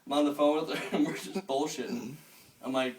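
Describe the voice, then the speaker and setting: A man's voice: on the high side, steady tone, fairly quick. A young man doing a crude, rambling amateur stand-up set at home and laughing at his own jokes. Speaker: stand-up comedian. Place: room at home. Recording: echoey room, camera far off, noisy.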